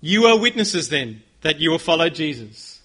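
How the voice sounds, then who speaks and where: Earnest high-voiced male preacher. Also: big pitch swings, normal speed, crowd noise. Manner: earnest, leading the congregation in call-and-response. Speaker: pastor. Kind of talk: sermon.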